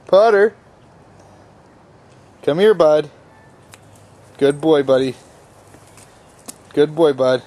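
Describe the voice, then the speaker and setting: A man's voice: on the high side, expressive, extremely slow, pauses often, mellow. A father filming his toddler outdoors by a puddle, talking to the child in playful, coaxing baby talk through a handheld camcorder. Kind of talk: home video, talking to a small child. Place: outdoors by a puddle near a garage.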